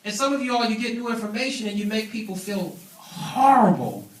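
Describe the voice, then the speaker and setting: A man delivers a business training seminar in a preachy, emphatic manner, pressing his points and calling for the crowd to answer back. His voice sits high and rings through a reverberant meeting room, picked up by a mic some distance away. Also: animated, a little fast. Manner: emphatic, preachy, calls for audience responses.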